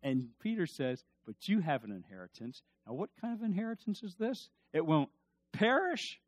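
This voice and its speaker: A middle-aged man preaches a sermon in a sing-song voice on the high side, at a moderate pace. As pastor, he rises into emphatic bursts and uses call-and-response with the congregation.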